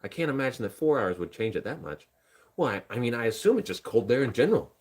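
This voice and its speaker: A young Indiana man on a live stream talks fast and with lots of animation, his medium-pitched voice dark-toned and a bit rough. He rambles casually, cracking jokes at his own expense while chatting with his viewers and his dog.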